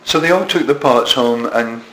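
In an echoey room with a little background noise, a man from Scotland in his 70s is interviewed, his voice medium-pitched and fairly bright at a moderate pace. He spins anecdotes that poke fun at himself, often starting sentences over.

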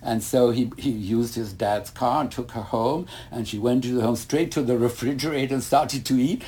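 A man's voice: medium pitch, normal speed. An older man, a ballet master, recounting family stories in an interview and acting out the voices he quotes. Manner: animated storyteller who acts out quoted voices. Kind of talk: storytelling in conversation.

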